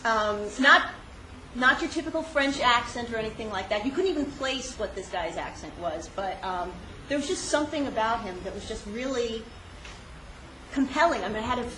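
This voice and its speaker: A woman recounts a personal story with an animated, self-mocking delivery, laughing often and filling pauses with "um". Her voice sits fairly high. The recording is roomy and echoey, with steady noise behind her. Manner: animated, laughing, self-deprecating with many fillers. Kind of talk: personal story told on stage.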